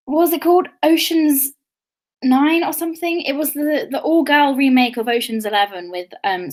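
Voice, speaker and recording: A woman's voice: on the high side, a bit bright. Chatty, giggly woman with a posh southern English accent. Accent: fairly posh southern English with a slight London undertone. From England, London. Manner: chatty, laughs often, drifts into tangents. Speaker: livestream host. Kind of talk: casual livestream chat while doing makeup.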